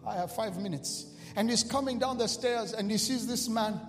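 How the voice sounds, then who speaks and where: A male preacher with a strikingly high voice delivers a sermon, dropping to hushed storytelling and then rising to repeated, shouted declarations. His voice rings through a large hall with a long echo. Soft music plays underneath. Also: normal speed. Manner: repetitive, call-and-response. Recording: reverberant hall with music behind.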